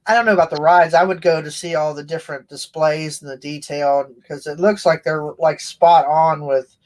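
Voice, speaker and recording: Giggly co-host, casual chatter, mid-pitched voice. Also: fairly even intonation, normal speed, a little mellow. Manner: chatty and giggly, laughs through anecdotes. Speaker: co-host of a daily live show. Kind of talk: casual chat.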